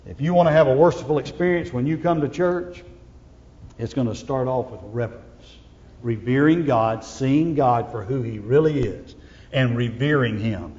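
A male pastor preaching a sermon, swinging from loud proclamation to hushed, intimate asides. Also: mid-range voice, normal speed, long reverb tail, dull audio.

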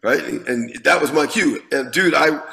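A man in his fifties, a guest musician telling a lively story in an interview, swearing freely and often restarting with repeated words. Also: on the high side, normal speed, gravelly, poor audio.

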